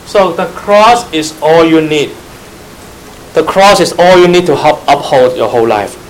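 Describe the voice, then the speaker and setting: A Mandarin-speaking man with a Chinese accent preaches a Bible study sermon in emphatic, earnest English, addressing listeners directly. His voice is a little high for a man and his pace measured, while a faint hiss runs beneath the rough recording.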